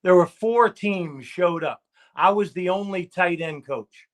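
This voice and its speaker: This football coach's voice sits high and moves a little slowly as he tells stories during a live stream interview. He is emphatic and repetitive, throwing in rallying lines such as "okay?" and "I'm gonna tell you what."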